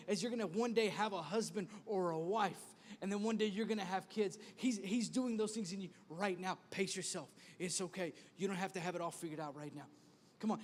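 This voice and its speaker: Brief: upbeat male pastor with a high voice, preaching in a sermon style in a reverberant church hall. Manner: energetic, comic storytelling with repeated exhortations. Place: church auditorium.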